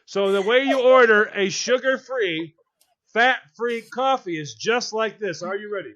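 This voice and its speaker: A man's voice: high voice, animated, a little slow, fairly bright tone, lo-fi sound. A man co-hosting a comedy talk show, ranting in exasperation and laughing as he goes. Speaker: radio show co-host. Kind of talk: comedic banter.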